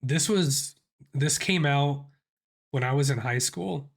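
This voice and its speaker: A man's voice: a little high, slow, creaky. Man with a sick voice, rambling. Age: 30s. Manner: rambling, thinks aloud with many restarts. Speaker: music reaction host. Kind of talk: casual reaction commentary.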